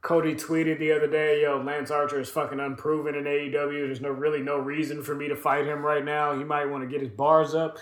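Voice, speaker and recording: A man on a casual podcast, running through a wrestling recap in a loose, profane ramble full of "uh" and "um". His voice sits a bit higher than most men's. The room around him is echoey. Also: flat delivery, a little fast, few pauses. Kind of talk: casual chat.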